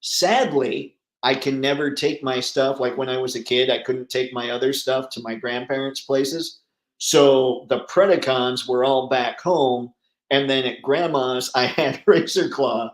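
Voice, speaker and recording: A man's voice: mid-range voice, fairly even intonation, measured pace. A man hosting a live stream in a loose, rambling way, chatting with viewers and reading their comments aloud. His voice sits in an ordinary middle range and laughs come easily. The sound carries a roomy echo around him. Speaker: livestream host.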